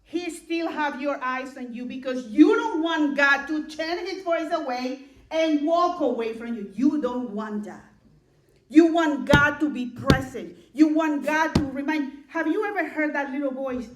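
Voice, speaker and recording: Slow, high-voiced woman preaching in an echoey hall. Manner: slow and deliberate, repeats key lines for emphasis; reads scripture aloud in a measured cadence. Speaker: clergy member giving a sermon. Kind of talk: sermon. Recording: roomy echo of a large room.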